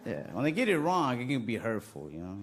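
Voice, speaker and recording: A male comedian telling a stand-up story in a relaxed, deadpan style. His voice sits at an average pitch for a man. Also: a little fast. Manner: laid-back, deadpan delivery.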